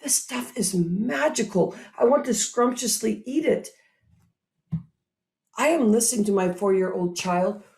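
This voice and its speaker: A woman hosting a motivational talk, speaking straight to her audience in an animated, upbeat way. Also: medium pitch, unhurried, vocal fry. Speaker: host.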